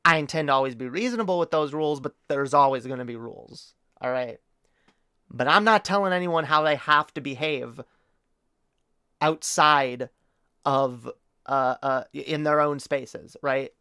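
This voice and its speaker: Streamer dude ranting to chat, kinda high voice, super clean dry mic, lots of ums and restarts. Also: male voice, moderate pace, bright, forceful tone, smooth, no echo. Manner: rambling, profane, lots of fillers and restarts; earnest and opinionated, addresses chat directly. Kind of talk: casual live-stream monologue.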